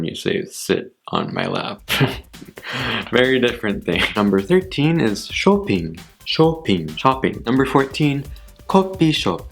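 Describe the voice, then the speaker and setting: A young man chatting casually on his channel, laughing often at himself and repeating words slowly to practice saying them. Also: fairly low pitch. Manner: giggly, self-deprecating, repeats words slowly. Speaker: YouTuber. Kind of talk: casual vlog, word list.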